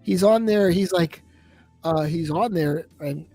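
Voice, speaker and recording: A man's voice: high-pitched, unhurried, no room sound, faint music behind. A man hosting a livestream in casual chat, rambling and swearing as he tells stories. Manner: profane, rambling, animated storytelling. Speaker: livestream host.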